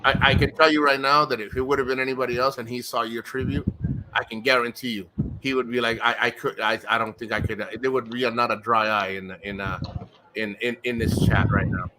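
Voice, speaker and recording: A man's voice: mid-range voice, steady tone, brisk, noisy background. A man hosting a live stream, talking casually and emotionally, rambling and retelling what others said. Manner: rambling, restarts a lot, retells quotes.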